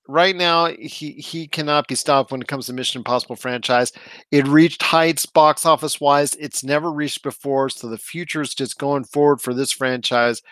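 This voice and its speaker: A man's voice: medium pitch, fairly bright tone, no echo. A man co-hosting a casual movie review chat, enthusiastic and fond of stock phrases. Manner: enthusiastic, repeats catchphrases like "I'll tell you what". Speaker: movie podcast host.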